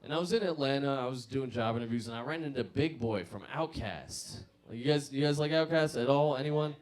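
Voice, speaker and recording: A man's voice: medium pitch, brisk. A man in his mid-twenties doing profane stand-up comedy and working the crowd.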